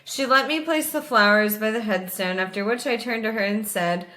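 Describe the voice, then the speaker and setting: A woman's voice: fairly high pitch, moderate pace, pushed and bright. A young woman co-hosting a podcast, chatting casually and swearing freely while reading listener stories. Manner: casual, swears freely, laughs between lines. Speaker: podcast co-host.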